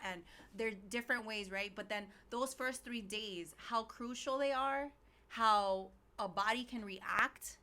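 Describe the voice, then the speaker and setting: A woman's voice: mid-range voice, normal speed, sharp tone. A woman with a Miami Spanish-English accent, co-hosting a casual podcast chat and telling stories expressively, acting out her own reactions. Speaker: co-host.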